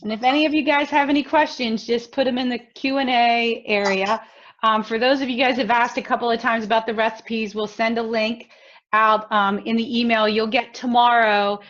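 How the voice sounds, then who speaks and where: A woman's voice: a little high, steady tone, fairly bright tone, a little hiss or hum. Woman hosting a webinar, lo-fi. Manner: brisk, with filler ums. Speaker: webinar host. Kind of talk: webinar announcements. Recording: dull lo-fi audio.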